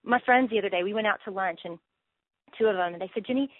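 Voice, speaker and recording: A woman's voice: medium pitch, dry recording. Earnest woman on a tinny phone line. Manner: earnest, halting, many restarts. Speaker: Bible teacher guest. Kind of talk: casual faith interview.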